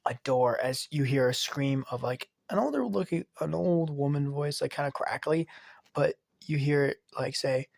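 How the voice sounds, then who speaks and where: A man's voice: fairly high pitch, moderate pace, creaky, darkish tone, no echo, clean studio sound. A man narrating a made-up story in a rambling, half-whispered way.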